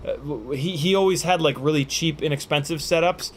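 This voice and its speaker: A man's voice: a little high, fairly quick, a little hiss or hum. A man hosting a casual livestream Q&A, joking, swearing and rambling with lots of fillers while he reads out viewer questions. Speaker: livestream host.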